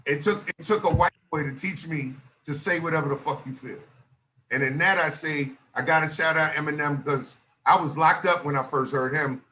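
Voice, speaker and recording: A man from Northern Illinois, a guest on a podcast, telling stories in animated casual talk with bursts of loud laughter. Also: fairly high pitch, moderate pace, a little hiss or hum. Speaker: guest rapper.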